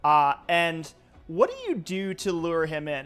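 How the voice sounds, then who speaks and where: Man, game master, slightly high voice, rambling with fillers, faint music under the stream. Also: measured pace, fairly bright tone, clean tone. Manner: loose, hesitant narration full of fillers. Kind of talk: narrating a tabletop game.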